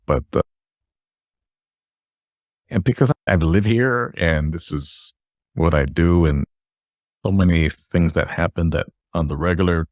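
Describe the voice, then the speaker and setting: A man's voice: low-pitched, a little slow, long pauses, a little mellow, dry recording, studio quality. A man hosting a podcast, telling a personal story in a rambling way with frequent restarts. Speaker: podcast host.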